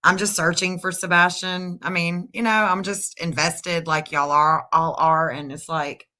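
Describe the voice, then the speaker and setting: Earnest rambling woman co-host, lowish voice with a bright edge. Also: flat delivery, unhurried. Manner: rambling, earnest, searching for words. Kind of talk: casual live-stream chat.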